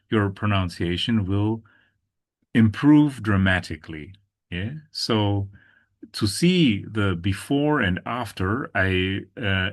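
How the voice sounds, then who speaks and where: Man, language teacher, patient, repeats words, slow unhurried pace, lowish voice. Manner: patient, repeats words slowly for students to copy. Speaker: German teacher. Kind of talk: pronunciation lesson.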